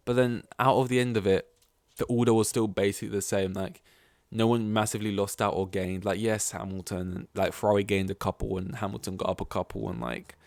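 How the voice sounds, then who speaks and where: A man's voice: fairly low pitch, flat delivery, a little fast, gravelly, darkish tone, dry recording. A man hosting a podcast in casual chat, rambling with lots of fillers and swearing. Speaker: podcast host.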